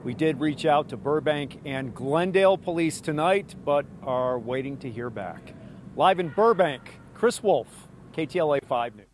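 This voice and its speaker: A man reporting for a TV news segment in a measured broadcast style. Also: fairly high pitch, expressive, slight background noise.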